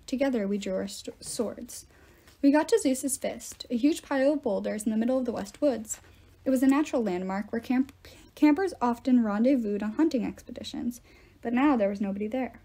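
Woman reading a novel aloud, steady, higher voice, mellow tone. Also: fairly quick. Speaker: reader.

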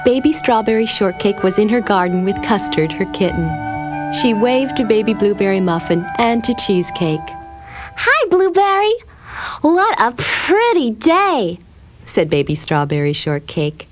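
A woman gently and expressively narrating a children's storybook. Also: mid-range voice, moderate pace, over music.

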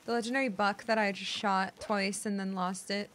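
A woman streaming a game, talking casually to herself and her viewers, often muttering under her breath and bursting into loud, excited squeals. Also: medium pitch, normal speed, a little hiss or hum. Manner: chats back to viewers, teasing and argumentative. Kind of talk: casual live gameplay commentary.

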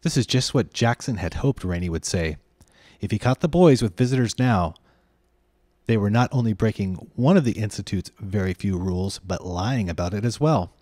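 A man narrating a children's novel aloud in an expressive, measured way. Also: fairly low pitch, no room sound. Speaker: reader. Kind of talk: storybook narration.

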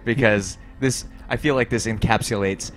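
Deadpan co-host guy, lowish voice, stumbles over words a bit. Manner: dry, halting, searches for words. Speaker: let's play co-host. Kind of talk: casual gaming commentary.

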